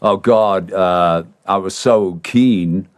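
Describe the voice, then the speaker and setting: A man's voice: low-pitched, takes it slowly, no echo, studio quality. An English man in his sixties, telling an anecdote casually and acting out the voices of people he quotes. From England. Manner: animated, acts out quoted voices. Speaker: interviewee. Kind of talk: casual storytelling.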